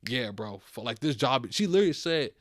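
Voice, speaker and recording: A young man hosting a podcast tells a story as a loose, animated rant, full of slang and swearing. His voice sits at an ordinary middle pitch and is recorded dry and close, with no room sound. He sounds worn out. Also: a little fast, no echo. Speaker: podcast host. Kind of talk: casual storytelling monologue.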